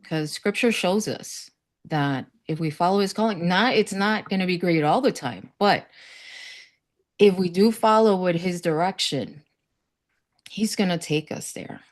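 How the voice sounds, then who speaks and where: A woman's voice: fairly low pitch, a little slow. A woman from South Florida on a panel, sharing earnest, faith-filled stories and acting out quoted voices. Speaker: summit panelist. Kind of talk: casual panel conversation.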